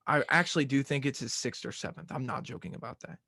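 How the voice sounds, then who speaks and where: A man's voice: mid-range voice, fast talker, vocal fry, bright, forceful tone, breathy edge, dry recording, studio quality. A young man hosting a sports podcast, talking casually in rambling, self-mocking rants. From Arkansas fan, southern US.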